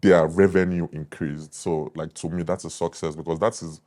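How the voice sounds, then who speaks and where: A man's voice: low-pitched, fairly even intonation, moderate pace, darkish tone. A young adult man with a Nigerian accent, a food critic guest talking confidently and emphatically in a casual interview.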